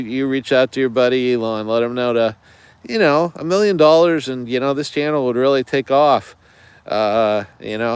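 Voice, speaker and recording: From out in the woods, a U.S. outdoors-channel host chats with his livestream audience, greeting viewers and wandering off topic with many fillers. He has a medium-pitched, clear and resonant voice, recorded without echo.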